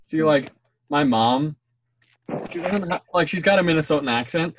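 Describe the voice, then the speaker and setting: A teenage student chatting casually with friends on a call, asking teasing questions. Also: male voice, fairly high pitch, moderate pace, a little hiss or hum.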